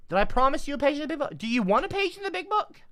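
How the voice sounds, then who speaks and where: Male streamer, rambling and cranky, bright edgy voice, lively pitch, desktop mic. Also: racing. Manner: rambling, irritable, swearing. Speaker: livestreamer. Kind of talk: casual livestream chat reading comments.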